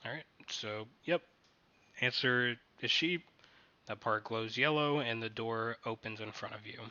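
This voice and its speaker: A man running a tabletop game playtest as game master, narrating haltingly and often restarting his sentences. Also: medium pitch, sharp tone, dull audio.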